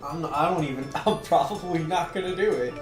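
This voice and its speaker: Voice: mid-range voice, fairly quick, soft background music. A player chatting casually while playing a video game, wry and playful, often laughing. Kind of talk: casual let's-play chat. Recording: roomy echo.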